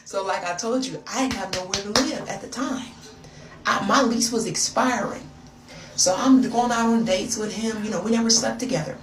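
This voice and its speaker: A woman's voice: mid-range voice, moderate pace, reverberant, distant mic, crowd noise. An American woman telling a dramatic, gossipy story straight to her viewers in a casual storytime vlog. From United States. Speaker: storyteller vlogger.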